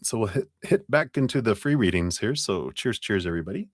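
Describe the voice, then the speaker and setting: A man with a deep, low voice gives tarot readings on a live stream. He talks in a gentle, rambling, encouraging way and laughs softly now and then. He is close to the mic in a dry, dead room. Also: expressive, fairly quick, no echo. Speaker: tarot reader.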